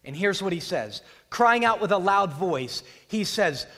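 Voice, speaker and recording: Male pastor, dramatic sermon delivery, acts out voices, lively high pitch, long hall reverb. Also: a little slow, creaky. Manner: dramatic storytelling, acts out voices, builds to loud peaks.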